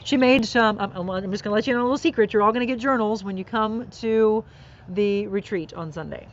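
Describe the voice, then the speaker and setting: A woman hosts a live inspirational podcast outdoors, speaking a little fast in a medium pitch on a muffled recording. She talks earnestly and encouragingly about faith and kindness, with birds and faint outdoor noise behind her.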